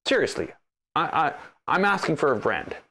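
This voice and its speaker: A man live-streams his 3D printer troubleshooting, talking straight to the machine. His voice is exasperated and sarcastic, and it swings widely in pitch as he grumbles. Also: sing-song, normal speed, bright, forceful tone. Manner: talks to the machine directly. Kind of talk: casual live troubleshooting commentary.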